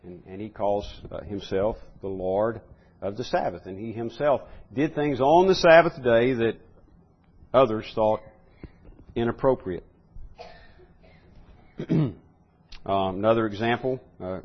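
Man teaching a Bible lesson, slightly muffled. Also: fairly low pitch. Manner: thinks aloud with many fillers and restarts, building to emphatic repeated phrases.

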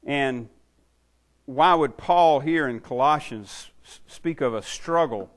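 A middle-aged or older man giving a sermon as a pastor, talking through a passage in a conversational way and reading the quoted verses with slow, strong emphasis. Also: medium pitch.

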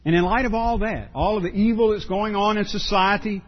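A pastor preaching a sermon, earnest and emphatic, often repeating words for stress. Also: male voice, sits high, a little fast, highs cut off.

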